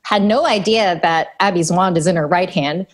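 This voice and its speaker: A woman's voice: on the low side, moderate pace. A woman, a puppeteer, telling an earnest, wide-eyed story. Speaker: puppeteer mentee. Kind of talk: casual anecdote.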